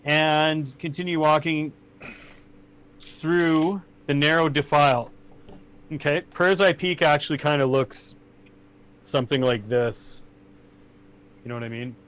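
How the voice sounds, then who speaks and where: A man's voice: fairly high pitch, fairly bright tone, smooth. Casual game master man. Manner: casual, swears, voices characters in quick asides. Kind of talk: narrating a tabletop game.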